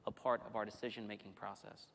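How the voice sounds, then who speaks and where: A male pastor preaching a sermon in a church, telling the story in an animated, conversational way with frequent restarts. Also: fairly low pitch, fast talker, slight background noise. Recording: long hall reverb.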